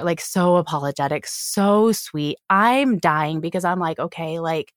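A woman's voice: lowish voice, measured pace, no room sound, clean studio sound. A woman, a podcast guest, telling a personal story in casual chat and often quoting what people said. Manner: candid, quotes people in her story.

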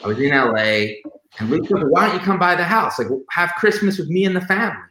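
Near tears, a man shares memories of his late friend as a podcast guest, talking fast with many fillers and restarts. His high voice is animated, bright and forceful, but the audio is poor, with an echoey room and a little hiss or hum.

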